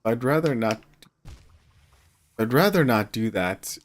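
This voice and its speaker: A man's voice: mid-range voice, expressive, takes it slowly. A tired man, rambling in casual gameplay commentary as a streamer, often trailing off mid-sentence.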